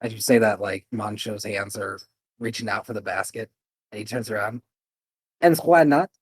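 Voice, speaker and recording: A man narrating a tabletop game as game master, calm and a little hesitant. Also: fairly low pitch, normal speed, slightly rough, no echo.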